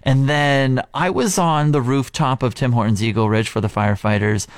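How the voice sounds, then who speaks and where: A man's voice: mid-range voice, fairly even intonation, normal speed, clean tone, no room sound, clean studio sound. A man co-hosting a radio morning show, bantering casually, teasing and laughing often.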